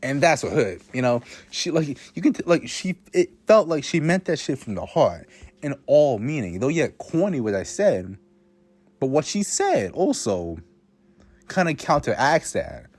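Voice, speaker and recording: A man's voice: medium pitch, sing-song, measured pace, a little mellow, slightly rough, dry recording. A teenage boy telling a rambling, self-mocking story about his own life, swearing often and restarting his sentences. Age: teens. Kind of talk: casual storytime monologue.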